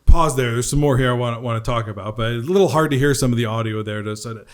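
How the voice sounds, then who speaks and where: A man who hosts a podcast and works as a sales coach goes over a recorded sales appointment conversationally, recapping key points for listeners. He talks fast in a mid-range voice with a clean tone.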